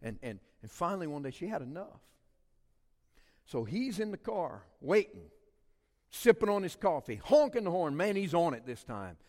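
Pastor guy preaching, high voice, lots of reverb from the church hall. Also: moderate pace. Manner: animated preaching with big swings in loudness. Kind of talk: sermon.

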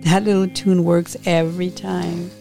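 A woman podcast host and author reading her own novel aloud in a slow, unhurried storytelling manner. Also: on the low side, little pitch movement, vocal fry, warm tone, soft background music.

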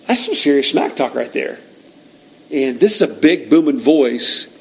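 Conversational male pastor, animated storyteller, middle-pitched voice, stumbles and restarts. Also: a little slow, creaky, rough recording. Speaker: preacher. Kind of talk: sermon.

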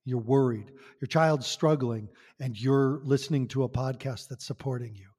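A man's voice: mid-range voice, normal speed, a little mellow, husky, long reverb tail. A man talking as a podcast guest, passionate and emphatic, asking rhetorical questions. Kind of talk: conversational podcast talk.

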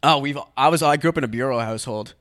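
Fast-talking young man rambling. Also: mid-range voice, a bit bright. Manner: rambling with many fillers. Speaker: podcast co-host. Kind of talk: casual chat.

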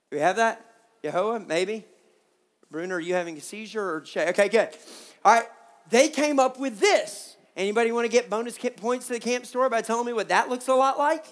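A preacher giving a sermon at a youth camp, with joking asides to the crew and audience, slowing down to stress key words. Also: mid-range voice. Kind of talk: sermon with slides.

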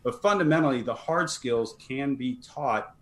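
A man's voice: mid-range voice, normal speed. A man guest on a podcast interview, talking earnestly and emphatically, often repeating words as he starts a sentence. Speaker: fire service leadership trainer, guest.

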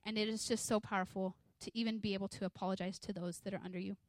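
A woman in her thirties preaching a sermon at church, conversational and energetic, acting out little scenes from family life. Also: mid-range voice, quick pace, no echo. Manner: energetic, conversational, acts out quotes from home life. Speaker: pastor's wife preaching.

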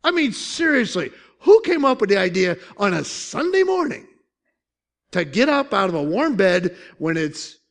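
A man's voice: sits high, vocal fry. A man pastor preaching a sermon in a conversational way, with joking asides and questions to the congregation.

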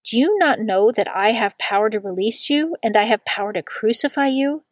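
A woman's voice: a little high, expressive, moderate pace, no echo. A woman reading as a stern Roman governor. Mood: questioning.

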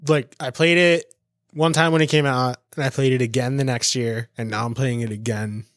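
A man's voice: medium pitch, fairly even intonation, moderate pace, fairly bright tone, no room sound. Easygoing man with a dry, close voice. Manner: easygoing, trails off, swears casually. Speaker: podcast co-host. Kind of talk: casual chat.

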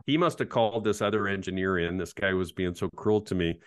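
Man, 50s, professor guest, low pitch, dead-dry close mic, anecdotal and self-mocking. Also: fairly quick, no room sound. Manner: animated anecdotal, self-deprecating. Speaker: ergonomics professor, interview guest. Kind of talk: casual interview storytelling.

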